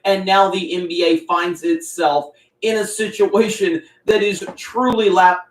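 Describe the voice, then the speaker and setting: A man's voice: high voice, little pitch movement, measured pace. A man delivering scripted political commentary in a firm, dismissive tone. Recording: roomy echo, distant mic.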